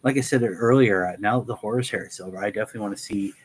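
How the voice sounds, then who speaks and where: Low-voiced man rambling through lore. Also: rapid-fire, slight background noise, low-quality recording. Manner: rambling, full of fillers and restarts. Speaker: host of a Q&A channel. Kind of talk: casual rambling storytelling.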